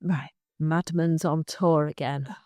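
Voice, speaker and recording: A woman's voice: sits low, fairly even intonation, slow, a little mellow, dry recording, studio quality. A woman co-hosting a podcast in casual chat, teasing her friend and jumping in to correct her. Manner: teasing, laughs along, jumps in to correct. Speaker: podcast co-host.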